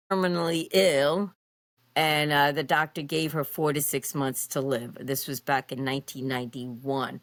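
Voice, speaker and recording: Expressive woman telling her life story. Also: sits low, no room sound. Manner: expressive, animated retelling with frequent fillers. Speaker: guest. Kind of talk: personal storytelling interview.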